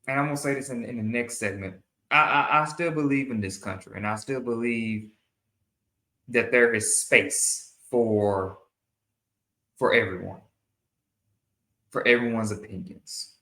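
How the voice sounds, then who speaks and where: Male host, earnest commentary monologue; talks slowly and repeats himself, bright edge to the voice. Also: medium pitch, echoey room. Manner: earnest, repeats and restarts phrases. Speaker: show host.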